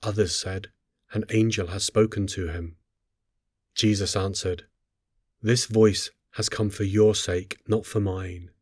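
A man reading scripture aloud in a solemn, measured, unhurried way. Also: lowish voice, fairly even intonation, darkish tone, dry recording, studio quality. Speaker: scripture reader.

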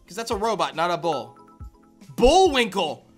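A man streaming a video game live, chatting loosely with viewers and breaking into high, excited squeals and laughter. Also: moderate pace, faint music behind. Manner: rambling chat to viewers with fillers. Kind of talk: live-stream shiny-hunt reaction.

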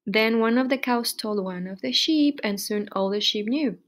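A woman reading a children's chapter book aloud with lively storybook delivery. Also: a little high, moderate pace.

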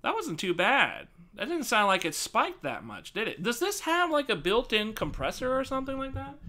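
A man streaming live, thinking aloud and swearing casually as he tests his desk microphone, often projecting near a yell. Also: very high-pitched, huge pitch swings, moderate pace. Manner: projects loudly, near yelling into the mic. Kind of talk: live stream mic test, casual chat.

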